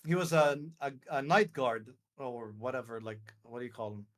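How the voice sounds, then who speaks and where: A man's voice: medium pitch, normal speed, a bit bright. A young man from Lebanon telling a story on a live stream, acting out quotes and swearing freely. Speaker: streamer hosting a live call. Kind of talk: casual storytelling chat.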